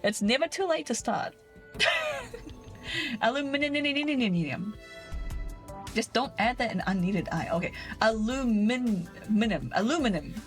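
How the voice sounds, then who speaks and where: A young woman from New Zealand with a New Zealand accent, a giggly streamer chatting casually with her viewers from her desk. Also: mid-range voice. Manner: giggly, chatty, laughs constantly. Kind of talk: casual chat with livestream viewers.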